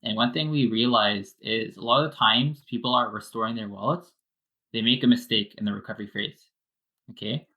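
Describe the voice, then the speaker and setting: A man's voice: on the low side, brisk, muffled recording. A man, a wallet developer, giving a casual technical explanation step by step with many fillers.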